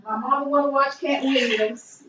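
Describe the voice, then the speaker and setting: A woman, hosting a casual livestream from home, loud and profane, greeting viewers by name. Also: high-pitched, steady tone, moderate pace, highs cut off, background noise. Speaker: livestream host.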